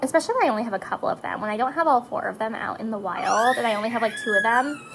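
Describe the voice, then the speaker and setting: Her voice is a little high and creaky, and she talks rapid-fire over heavy background noise. This mother of four is chatting casually as she does her makeup. She rambles emotionally from one topic to the next, with frequent fillers and "likes."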